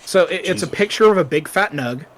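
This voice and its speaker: A man's voice: sits high, animated, brisk, a crowd in the background, poor audio. A man co-hosting a podcast in casual chat, laid-back and wry. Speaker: podcast co-host.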